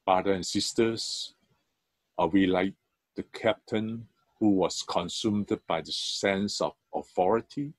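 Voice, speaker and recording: A man's voice: low voice, slow, dry recording. A man who is a church elder, preaching a sermon as he tells an illustrative story with emphatic rises in his voice.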